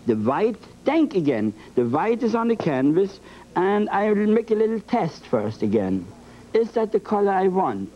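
A man's voice: sits high, sing-song, moderate pace, dark tone. A man teaching a painting lesson, talking with emphatic, playful repetition. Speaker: painting instructor. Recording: dull lo-fi broadcast sound.

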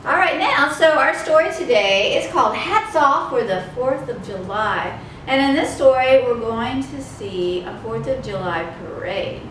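A woman leading a children's storytime, reading aloud in a slow, sing-song, expressive way. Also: a little high. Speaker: children's librarian. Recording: echoey room, mic far off.

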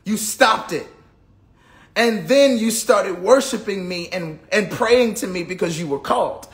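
Guy with a high voice telling his testimony, goes quiet then fired up, whoops a lot. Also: measured pace. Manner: repetitive, builds from hushed to fervent; sudden whoops. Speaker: gospel singer giving a testimony. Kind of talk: personal testimony, preaching cadence.

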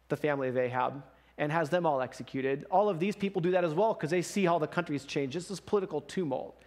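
Man, pastor, sermon, casual animated storytelling, high voice. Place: church.

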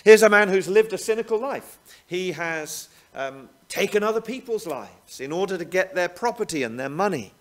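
Male preacher, fairly high voice, very lively pitch, asks the listener rhetorical questions. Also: moderate pace. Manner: animated, rhetorical tag questions. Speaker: pastor. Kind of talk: sermon.

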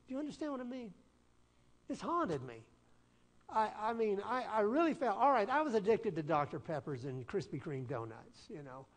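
A pastor with a Southern US accent, preaching an earnest, folksy sermon and telling personal stories with self-deprecating humor. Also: male voice, high-pitched. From Southern United States. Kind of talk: storytelling sermon. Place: church sanctuary. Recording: long church-hall reverb.

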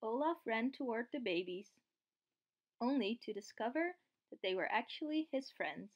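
A woman reading a children's picture book aloud, slow and clear. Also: on the high side, highs cut off. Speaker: storyteller.

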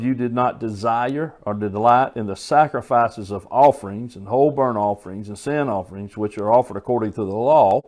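A man's voice: medium pitch, a little mellow. A man preaching a sermon, earnest and folksy, telling stories and often restarting his phrases.

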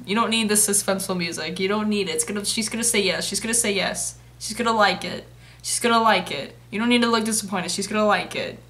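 Giggly young woman reacting to anime, bright high voice, laughs a lot. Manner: giggly, talks back at the screen. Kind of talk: casual reaction commentary.

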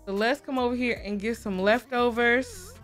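Chatty excitable woman gamer with faint music. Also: on the high side, normal speed. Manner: chatty, excitable, talks to viewers as y'all. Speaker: gaming video host. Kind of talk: casual game commentary.

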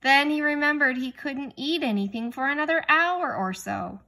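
A woman reads a children's chapter book aloud in a gentle, explaining way. Her voice is bright and has a slight gravelly edge. She sounds like she is reading to young listeners. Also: high voice, normal speed. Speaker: reader. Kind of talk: read-aloud storytelling with questions to a child.

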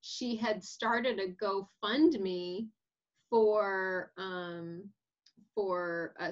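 Animated woman telling a story. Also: vocal fry. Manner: animated storyteller, acts out quoted voices. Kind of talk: casual group discussion. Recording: muffled low-fidelity audio.

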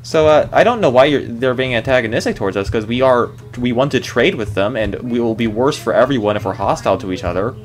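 Fast-talking, placating man. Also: mid-range voice, faint music behind. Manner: conciliatory, placating. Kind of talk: in-character game role-play.

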